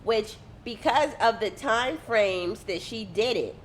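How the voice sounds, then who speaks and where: A woman hosting a casual marketing talk, animated and acting out quotes as she explains. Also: a little high, takes it slowly, slight background noise. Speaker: host.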